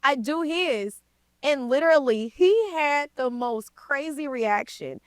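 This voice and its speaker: A woman appearing as an interview guest, a credit repair coach, tells a story in casual slang. Her voice sits high and her pace is slow, and as a lively storyteller she acts out the people she quotes. The recording is dry.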